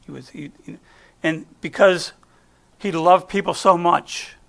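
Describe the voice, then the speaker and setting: Gravelly, bright-voiced folksy preacher man. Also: high voice, steady tone, a little slow. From United States. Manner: chatty and folksy, trailing off and restarting. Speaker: guest speaker. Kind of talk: conversational sermon with personal stories.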